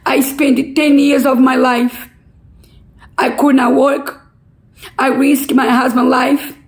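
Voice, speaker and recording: High, gravelly-voiced woman pleading. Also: level tone, low-quality recording. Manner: impassioned, pleading, halting non-native English. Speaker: relative pleading a court case. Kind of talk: emotional public appeal.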